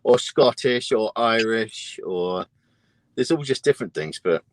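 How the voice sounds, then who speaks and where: This British guest trucker has a lowish voice with lively intonation and talks a little slowly. He's just chatting casually, often laughing his way through his stories.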